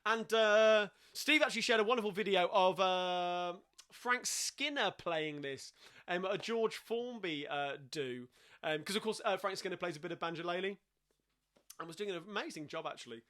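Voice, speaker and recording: A man's voice: sits high, moderate pace, bright, forceful tone. A man with a London Cockney accent hosting a live-streamed sing-along, chatting casually between songs with lots of fillers and restarts.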